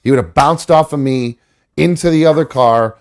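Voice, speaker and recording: A man's voice: a little high, moderate pace, background noise. Casual swearing male show host. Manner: rambling, swears casually, coos at his dog. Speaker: podcast host. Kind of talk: casual live-stream chat.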